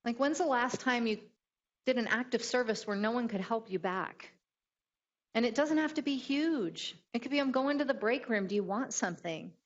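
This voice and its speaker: Animated woman giving a motivational talk. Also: on the high side, normal speed, lo-fi sound. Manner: animated storyteller acting out quotes. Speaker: keynote speaker.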